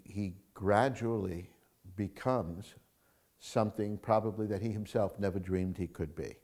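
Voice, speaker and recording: Screenwriter guy in an interview, lowish voice, acts out movie scenes, goes quiet then loud. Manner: acts out film scenes, mimics crowds, shifts from hushed to loud. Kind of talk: animated storytelling in conversation.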